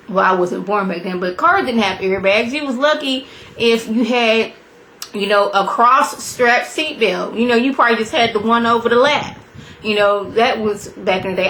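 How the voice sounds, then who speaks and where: Chatty woman recapping a TV episode. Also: slight background noise. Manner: animated storyteller, acts out quotes in a high voice; chatty, talks straight to viewers. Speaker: TV review vlogger.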